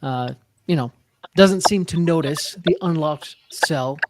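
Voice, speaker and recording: A man's voice: fairly high pitch, measured pace, noisy background. A man running a tabletop game as game master, talking with many hesitant fillers over a video call.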